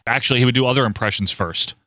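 Male co-host, bright tone, dry close sound, loose casual banter. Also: medium pitch, racing, no room sound. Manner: relaxed, rambling banter, swears casually. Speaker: podcast co-host. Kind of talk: casual chat.

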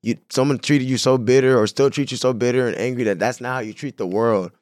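A man from San Diego, a guest on a podcast, talking in a casual, animated, slangy way. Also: medium pitch, fast, no echo, clean studio sound. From San Diego, California. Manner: animated, slangy, says "bro" and "you know what I'm saying" a lot. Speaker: podcast guest, clothing brand owner. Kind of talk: casual conversation.

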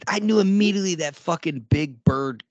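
A man's voice: on the high side, a little fast, no echo, highs cut off. A man co-hosting a casual podcast movie review, blunt and heavy on swearing. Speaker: podcast co-host.

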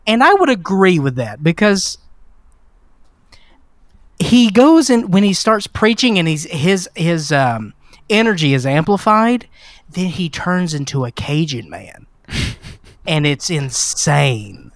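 A man's voice: on the high side, very animated, slow, long pauses, dry recording. A man from Mississippi co-hosting a casual film podcast, wry and teasing, talking with restarts. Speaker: podcast co-host.

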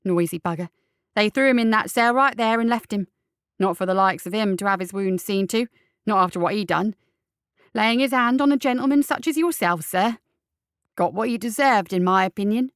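Woman doing a cheerful common jailer man, chatty, rough speech, dry close sound. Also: medium pitch, normal speed, no room sound, natural voice. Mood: gossipy. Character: garrulous lower-class male jailer, amiable.

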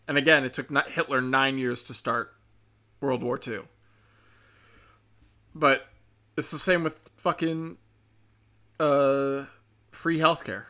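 Guy ranting on his show, swears a ton, sarcastic, kinda tense bright voice. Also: mid-range voice, fairly even intonation, normal speed, long pauses. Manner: profane, sarcastic, mocking. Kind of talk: ranting commentary.

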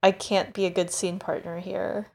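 A woman's voice: lowish voice, level tone, normal speed, vocal fry. A woman hosting a podcast in easygoing, self-deprecating casual chat. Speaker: podcast host.

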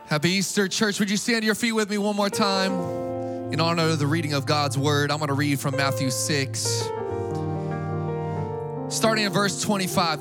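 A man preaching an Easter sermon to a congregation, energetic and casual, with call-and-response. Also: a little high, moderate pace, over loud music. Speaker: pastor.

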